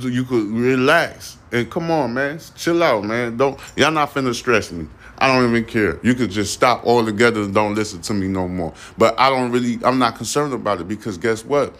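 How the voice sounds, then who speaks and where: Solo podcast host, man, loose and defiant, circles back on himself, mid pitch. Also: a bit bright. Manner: rambling and defiant, repeating "you see what I'm saying". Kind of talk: casual solo podcast monologue.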